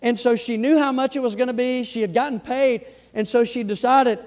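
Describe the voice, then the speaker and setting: A man preaching a storytelling sermon, repeating phrases and swinging from loud, rising build-ups to hushed, low passages. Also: steady tone, fairly quick, few pauses.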